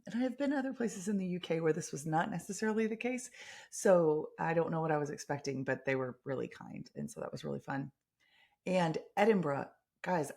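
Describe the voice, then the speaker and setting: An American woman hosting a podcast, chatting about family travel in an enthusiastic storytelling way with frequent ums and restarts. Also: sits low. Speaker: podcast host. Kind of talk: casual chat.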